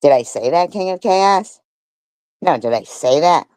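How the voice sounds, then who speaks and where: A woman's voice: lowish voice, lively intonation, a little slow, a little mellow, dry recording. A middle-aged woman hosting a live stream, ranting in a confrontational, profane way, repeating herself and letting out scoffing laughs. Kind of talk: angry live stream rant.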